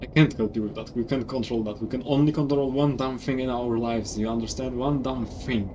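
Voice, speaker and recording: Gruff coach voice, blunt pep talk, streamer doing it. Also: male voice, mid-range voice, steady tone, a little fast, background noise, natural voice. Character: gruff male baseball coach.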